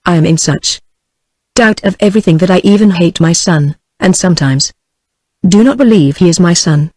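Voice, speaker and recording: A woman's voice: lowish voice, normal speed, a little mellow, no echo. A text-to-speech female voice with a British English accent reading the lines of a cold, stiff, middle-aged aristocratic husband in a formal, clipped way.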